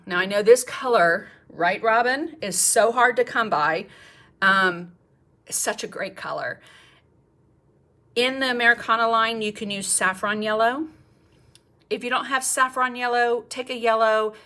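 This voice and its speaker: A middle-aged woman with a mid-range, pushed and bright voice teaches a live painting demonstration. The art teacher is chatty and encouraging, thinking aloud as she paints.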